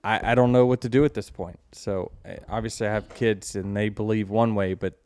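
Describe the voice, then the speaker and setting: A man's voice: lowish voice, fairly even intonation, brisk, darkish tone, smooth. A man hosting a podcast, talking in a blunt, wry, casual way in a studio. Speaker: podcast host.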